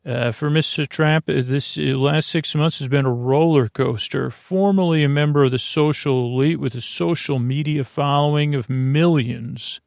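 A man's voice: a little high, moderate pace, vocal fry, hardly any pauses, darkish tone, dry recording, clean studio sound. A man voicing a flustered, bumbling male news reporter who keeps correcting himself.

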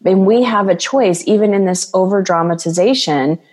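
A woman's voice: medium pitch, moderate pace, darkish tone, slightly rough, in a large hall. A woman coach speaking as a guest in an interview, talking in an earnest, flowing way and acting out quoted voices. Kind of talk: casual interview talk.

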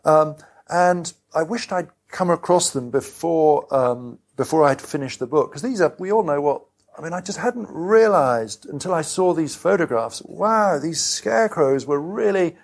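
A man being interviewed about his book at a live event. He talks in a rambling, self-deprecating way with frequent restarts. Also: on the high side. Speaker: author and guest. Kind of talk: conversational onstage interview. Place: live event venue with an audience.

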